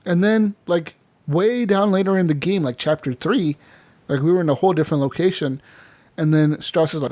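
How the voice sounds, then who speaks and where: A man on a casual gaming podcast, talking through a game he has been playing. He speaks a little higher than most men, swears freely, and slips into brief character voices as he tells the story. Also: moderate pace, a little mellow. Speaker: podcast co-host.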